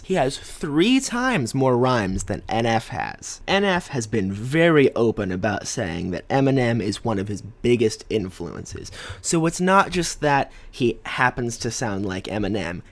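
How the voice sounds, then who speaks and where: A man's voice: medium pitch, a little slow. A young man giving an opinionated, argumentative commentary on rap lyrics and quoting lines as he goes. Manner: animated and argumentative, quotes lyrics. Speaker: music commentator.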